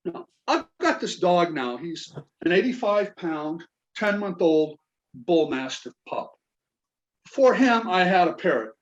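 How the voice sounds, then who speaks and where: A man's voice: sits high, big pitch swings, takes it slowly, dull audio. A man in his forties from Kentucky with a Southern accent, a Navy veteran doing a stand-up comedy set with dry, self-mocking punchlines. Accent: Southern American.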